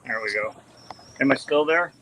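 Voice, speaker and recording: A man's voice: medium pitch, normal speed, background noise. A man breeding fish, chatting casually on a live video call as he tours his tanks, rambling with lots of ums and restarts. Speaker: fish breeder giving a tank tour. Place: indoor fish room among aquarium tanks. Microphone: camera mic on a live video call.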